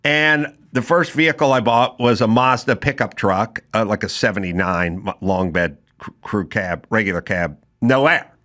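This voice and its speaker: A man's voice: on the low side, moderate pace, sharp tone. A man from the San Fernando Valley hosting a casual podcast chat, telling stories in a laid-back way and laughing easily. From San Fernando Valley, California. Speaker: podcast host.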